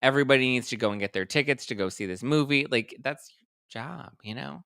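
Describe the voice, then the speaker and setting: A man in his thirties hosting a casual livestream, chatting quickly and reading viewer comments aloud. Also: medium pitch, gravelly, smooth, dry recording, clean studio sound. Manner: chatty, animated, reads live chat aloud. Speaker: host.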